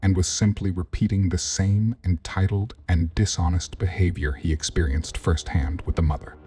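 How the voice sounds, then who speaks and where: A man giving measured, disapproving voice-over commentary. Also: deep voice, steady tone, mellow, distant mic. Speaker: commentary narrator.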